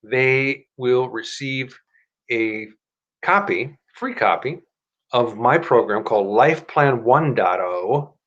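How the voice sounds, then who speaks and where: A man talks into his computer mic while hosting a live stream. He rambles in a chatty way and often stops to correct himself. At times he slips into an upbeat motivational pitch. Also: expressive, slow pace, fairly bright tone, highs cut off. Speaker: host of a live stream show. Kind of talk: casual live-stream talk and self-help pitch.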